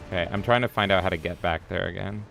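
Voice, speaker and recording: A man with a fairly low voice hosts a casual live stream of a game, joking, cursing freely and reacting to chat. Faint music plays behind him from the game. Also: fast talker, vocal fry, fairly bright tone. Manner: playful, profane, reads chat aloud.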